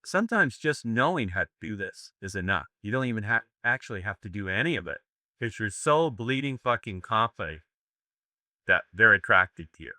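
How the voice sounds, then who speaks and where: A man's voice: lowish voice, sing-song, moderate pace, bright, forceful tone, no echo. An older American man giving a live seminar lecture, brash and profane, joking with his audience. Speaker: seminar instructor.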